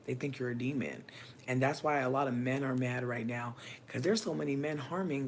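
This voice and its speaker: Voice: mid-range voice, fairly even intonation, moderate pace, a little hiss or hum. Impassioned, profane livestream host. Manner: impassioned and preachy, profanity-laced; addresses viewers and chat directly. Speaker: livestream host giving readings. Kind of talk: casual livestream monologue.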